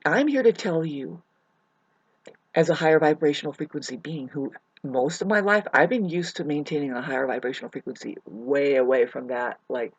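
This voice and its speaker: A woman's voice: low voice, slightly rough, highs cut off. A woman ranting to her viewers in a loose, profane monologue. She rambles, restarts her sentences and calls her listeners "babe". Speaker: vlogger. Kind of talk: rambling spoken rant to camera.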